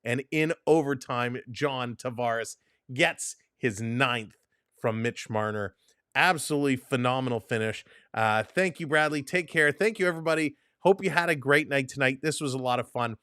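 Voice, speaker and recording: A man hosting a live hockey watch-along, giving energetic play-by-play and a recap and laughing often. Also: mid-range voice, normal speed, clear, resonant tone, no room sound, studio quality.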